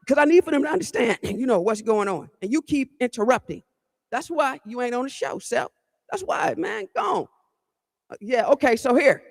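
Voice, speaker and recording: This Cleveland-area woman hosts a podcast and tells a story bluntly and with real heat, cursing, repeating herself, and addressing her listeners directly. Her voice sits high, and the recording carries a long, hall-like reverb.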